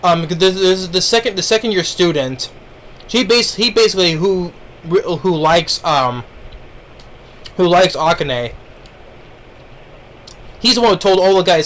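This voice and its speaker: A man's voice: sits high, measured pace, pauses often, a bit bright. A man giving a casual spoken review of an anime, rambling along with lots of fillers and restarts. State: eating while talking.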